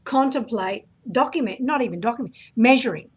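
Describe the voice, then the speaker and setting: A woman hosts a relaxed interview, speaking a bit above the usual pitch. She affirms her guest and then reflects on the wider point in a calm, conversational way. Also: fairly quick, a little hiss or hum. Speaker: interview host.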